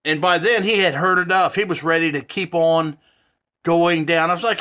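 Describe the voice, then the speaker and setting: A man's voice: sits high, moderate pace, bright, forceful tone. A man telling a story in an angry, profane rant, rambling and heated.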